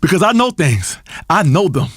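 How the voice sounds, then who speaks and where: An actor playing a flamboyant, erratic radio health guru who rants theatrically, swinging from crooning to shouting. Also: male voice, fairly high pitch, big pitch swings, normal speed, breathy edge, no room sound, studio quality, exaggerated voice. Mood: manic. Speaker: radio talk show host. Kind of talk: comedic radio show acting.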